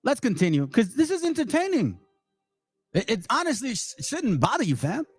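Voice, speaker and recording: Man, from Peru, reaction commentary, high lively voice, dry close sound. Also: normal speed, breathy edge, dry recording, soft background music. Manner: animated, talks straight to viewers. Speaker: channel host.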